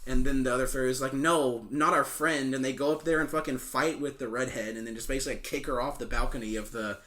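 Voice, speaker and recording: A man's voice: mid-range voice, fairly even intonation, very fast. A young man co-hosting a film podcast, casually retelling a movie plot with swearing, laughter and silly quoted voices. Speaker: podcast co-host.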